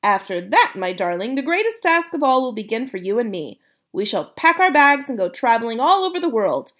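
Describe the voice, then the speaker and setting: A woman's voice: a little high, big pitch swings, fairly quick, fairly bright tone. A woman voicing a spirited, fierce old grandmother who speaks emphatically and exclaims often. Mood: grand, rousing.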